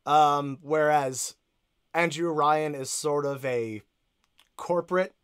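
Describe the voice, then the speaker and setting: A man's voice: a little high, takes it slowly, a bit bright, clear, resonant tone. A man co-hosting a casual podcast, eager and rambling, often searching for words. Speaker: podcast co-host.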